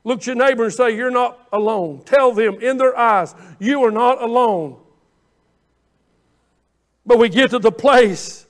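A man preaching a folksy sermon, moving from quiet talk to loud, shouted exhortation. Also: very high voice, unhurried. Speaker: pastor.

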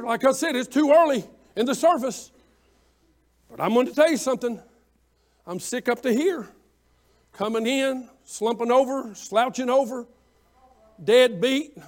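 A man preaching an impassioned revival sermon as pastor, often shouting and calling out members of the congregation by name. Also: extremely high pitch.

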